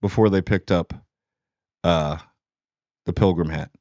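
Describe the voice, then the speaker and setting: A man's voice: low voice, measured pace, darkish tone, dry recording, dull audio. A man giving a casual, rambling movie review, sarcastic and full of fillers.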